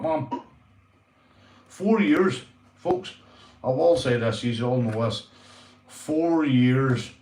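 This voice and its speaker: A Northern Irish YouTube livestreamer chats casually, swearing freely and calling everyone mate. His voice is mid-range and darkish, and the room sounds roomy and echoey.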